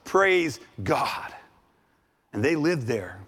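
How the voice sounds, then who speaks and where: A man preaching a sermon as a guest preacher, dramatic, swinging from loud exclamations to hushed asides. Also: mid-range voice, very animated, extremely slow. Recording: long reverb of a large hall.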